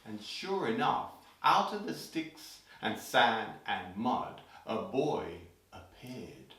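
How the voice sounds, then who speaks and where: A man hosting a children's show, telling a story playfully and breaking into sudden shouts, heard in an echoey room from a distance. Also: medium pitch, slow pace. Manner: animated, leaps into loud sudden shouts for scares.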